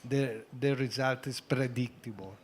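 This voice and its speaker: Panel surgeon, male, halting, explains with lots of pauses, mid-pitched. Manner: halting, many pauses and fillers. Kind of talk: panel discussion.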